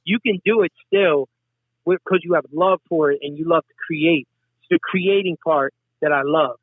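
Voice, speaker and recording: A man's voice: fairly high pitch, normal speed, dry recording. A middle-aged man telling stories in casual chat, swearing freely and acting out what others said. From Westchester, New York. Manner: profane, animated, acts out quotes. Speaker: guest, hip hop artist. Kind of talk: casual storytelling. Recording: dry tinny phone-like sound.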